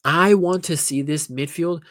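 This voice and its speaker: A man's voice: a little high, a little slow, fairly bright tone, no room sound, studio quality. A man giving casual, opinionated football analysis, talking bluntly with lots of restarts and asides. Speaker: football pundit YouTuber.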